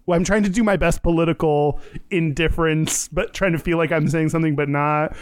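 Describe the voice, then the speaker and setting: A man's voice: fairly high pitch, fairly even intonation, a little fast, smooth, dry recording. A man co-hosting a casual podcast chat, joking and laughing often. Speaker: podcast co-host.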